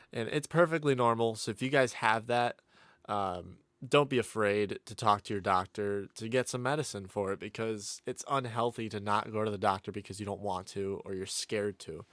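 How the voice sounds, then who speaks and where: A man's voice: fairly low pitch, a bit bright, clear, resonant tone, dry recording. A man hosting his own podcast, chatting casually and rambling with plenty of fillers and restarts, his voice a little sick. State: slightly sick voice. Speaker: podcast host. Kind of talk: casual solo podcast chat. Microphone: studio condenser microphone through a mixer.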